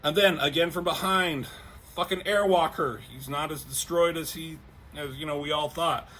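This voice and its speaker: A man retelling a comic in a loose, rambling way, with frequent swearing and plenty of fillers. His voice sits a bit high for a man. Faint ambient noise hums behind him. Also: steady tone, moderate pace, pushed and bright. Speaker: comic book reviewer.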